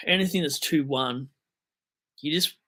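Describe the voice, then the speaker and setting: Slow and forceful, with a slightly high, bright voice, a young Australian man answers viewer questions during a casual livestream. He reads comments aloud and rambles in a self-deprecating, joking manner.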